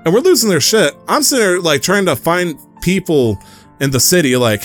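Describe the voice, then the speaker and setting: A man's voice: sits high, lively intonation, moderate pace, faint music behind. Young man rambling through a sweary story. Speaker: podcast host. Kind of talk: casual chat.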